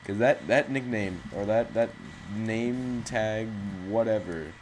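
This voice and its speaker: A man with a fairly low voice gives live gameplay commentary. He rambles through jokes and self-mocking asides. Faint noise sits under his voice. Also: takes it slowly, hardly any pauses, poor audio. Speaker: gaming channel host.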